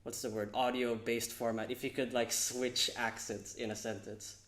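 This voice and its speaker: Male podcast host, friendly, rambling questions, mid-pitched, echoey room. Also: level tone, moderate pace, fairly bright tone. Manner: friendly, filler-heavy questions. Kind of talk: casual podcast interview.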